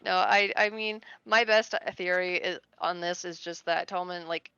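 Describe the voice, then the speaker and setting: A woman's voice: on the low side, steady tone, moderate pace, pushed and bright, clean tone, no echo. A woman co-hosting a podcast, rambling through her theory with lots of fillers. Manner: rambling, filler-heavy with 'like'. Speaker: podcast co-host. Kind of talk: casual discussion. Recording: dull dry lo-fi mic.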